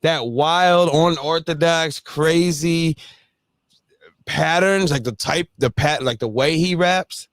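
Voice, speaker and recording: A man hosting a casual livestream chat, animated and laughing often as he talks. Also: on the high side, slow, dry recording, clean studio sound. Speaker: host.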